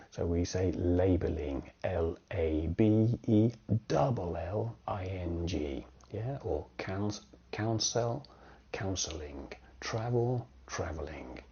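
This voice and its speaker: A man teaching grammar in a slow, deliberate way, often checking in with "okay?" and "yeah?". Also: sits low, vocal fry, dark tone, husky. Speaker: English teacher. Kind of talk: grammar lesson with acted example sentences. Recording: dull lo-fi sound.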